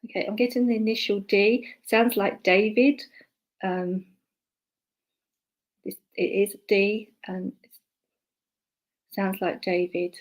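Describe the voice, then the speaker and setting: A woman relaying spirit messages to an online congregation as a medium. Her delivery is hesitant and full of fillers and restarts. Between messages she drops to a soft murmur, as if talking to herself. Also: medium pitch, flat delivery, slow, long pauses, low-quality recording. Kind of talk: live online clairvoyance demonstration.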